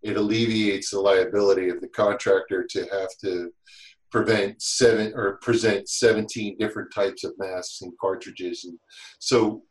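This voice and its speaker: A man chatting as a podcast guest, telling lively stories and acting out what others said. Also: fairly low pitch, normal speed, echoey room, rough recording. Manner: animated storyteller, acts out quotes. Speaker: guest, safety instructor. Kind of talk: casual podcast chat.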